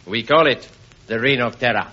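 A man's voice: medium pitch, normal speed, close to an everyday voice. Guy doing a sleazy cartoonish french revolutionary, heavy fake french accent, muffled old tv sound with hiss. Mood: scheming. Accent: put-on comic French. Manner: leering, punning, theatrical. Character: lecherous scheming French revolutionary envoy, male. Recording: muffled old broadcast, hiss, audience laughter.

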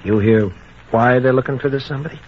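A man's voice: medium pitch, fast talker, a little hiss or hum, lightly acted. A man playing a glib young racetrack swindler. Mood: wary charm. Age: young adult. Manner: breezy, slangy, evasive. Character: smooth-talking young male racetrack swindler. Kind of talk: 1940s radio acting. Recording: dull old radio broadcast.

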